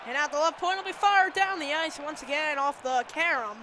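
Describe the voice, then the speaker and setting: A young man giving live hockey play-by-play commentary, rattling off the action and shouting on big plays. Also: very high voice, a little hiss or hum. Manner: rapid running call, rising to excited shouts on big saves.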